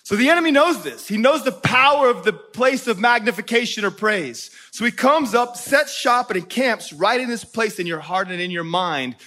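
A man's voice: high-pitched, expressive, moderate pace, hardly any pauses, bright, forceful tone. A man preaching a sermon in a conversational way, often checking in with his listeners.

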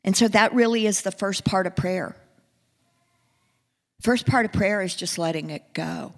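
Woman preaching a sermon, earnest, goes soft then builds up loud, long echo in a big church hall. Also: mid-range voice, unhurried. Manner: earnest, builds from soft and hushed to rising and emphatic.

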